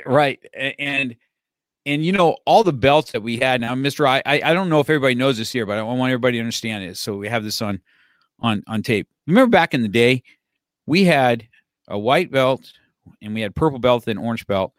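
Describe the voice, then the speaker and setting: A middle-aged man talks loosely about his martial arts school, circling back and restarting his sentences and laughing often. His voice sits at an ordinary pitch. The sound is close and dry, with no room echo. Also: animated, fairly quick. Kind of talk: casual conversation. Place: his office.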